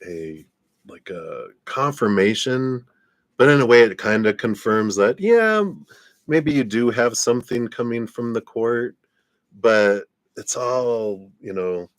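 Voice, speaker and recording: A man's voice: medium pitch, animated, takes it slowly, dry recording, studio quality. A man giving a live-stream tarot reading in a laid-back, rambling way, often laughing and trailing off. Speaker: tarot reader.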